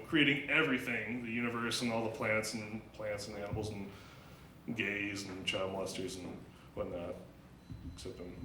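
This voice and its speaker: Rambling crude comic in an echoey club. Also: male voice, mid-range voice, background noise. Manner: crude, rambling, halting with many fillers. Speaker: stand-up comedian at open mic. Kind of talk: stand-up comedy set. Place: small club stage.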